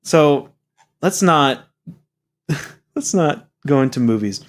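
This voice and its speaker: A young man co-hosting a podcast in casual chat, excitable and gushing, swearing freely. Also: on the high side, slow. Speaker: podcast co-host.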